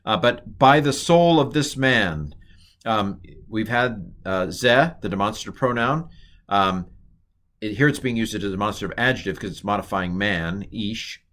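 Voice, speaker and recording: A man's voice: fairly low pitch, normal speed, sharp tone. A middle-aged man teaching a recorded Hebrew lesson, rambling and correcting himself, quizzing the listener with questions.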